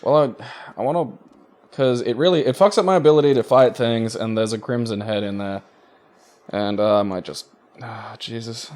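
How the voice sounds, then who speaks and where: A man's voice: mid-range voice, normal speed, darkish tone. A man co-hosting a gaming podcast while he plays, muttering to himself and swearing at the game between bits of chat. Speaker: podcast co-host playing a video game.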